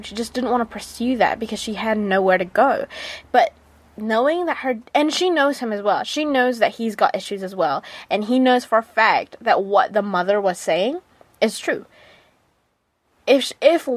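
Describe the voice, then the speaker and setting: A female radio host with a New Zealand accent reviews a drama, gushing in a chatty manner with many fillers and restarts. Her voice is on the high side and slightly rough, recorded on a studio mic with no room sound.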